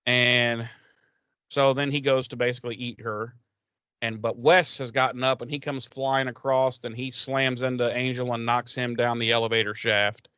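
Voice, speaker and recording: A man's voice: mid-range voice, little pitch movement, normal speed, pushed and bright, clean tone, no room sound. A man casually recapping a TV episode on a podcast, swearing a lot and rambling with loose quoted voices. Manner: profane, rambling storytelling with mocking quoted voices. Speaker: podcast co-host.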